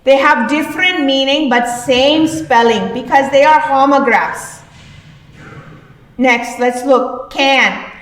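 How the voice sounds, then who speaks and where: A high-voiced woman teacher talks slowly and patiently, repeating each word as she explains it. She sounds set back from the mic in an echoey room with a long ring. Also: a bit bright, recorded from a distance. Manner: slow, patient, repeats words. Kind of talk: classroom lesson explaining words.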